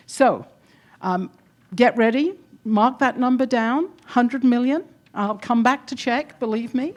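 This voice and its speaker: A woman's voice: medium pitch, darkish tone. A woman with an English accent, speaking live to an event crowd, upbeat and encouraging, chatting with the audience. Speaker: keynote presenter at demo day. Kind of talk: energetic live speech to an audience.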